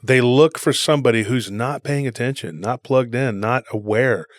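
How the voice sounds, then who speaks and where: A man's voice: medium pitch, moderate pace, dry recording, clean studio sound. A man co-hosting a podcast, telling rambling stories in a casual conversational way and often calling people "dude.". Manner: rambling storyteller, says "dude". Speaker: podcast co-host.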